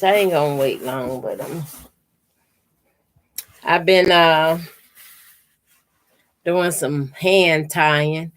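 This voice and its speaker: A woman's voice: low voice, drawn-out words, long pauses. A woman hosting a quilting channel, chatting casually on a home livestream, greeting viewers by name and showing her work to the camera. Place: home room by a door.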